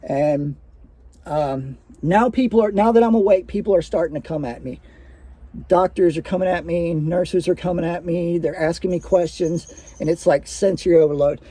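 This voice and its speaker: High-voiced man telling a personal story. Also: normal speed, dark tone, dry recording. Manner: casual, profane, full of fillers and restarts.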